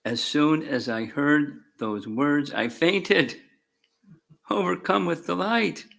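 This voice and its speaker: A man reading scripture verses aloud and adding commentary as a spiritual teacher, slow and measured with fervent emphasis on key words. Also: a little high, creaky, fairly bright tone. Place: temple class room.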